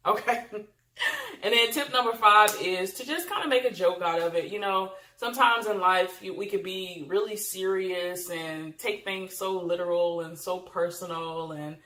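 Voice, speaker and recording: A woman's voice: medium pitch, a bit bright. A woman vlogger giving casual advice to camera, chatty and emphatic, with frequent fillers. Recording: roomy echo.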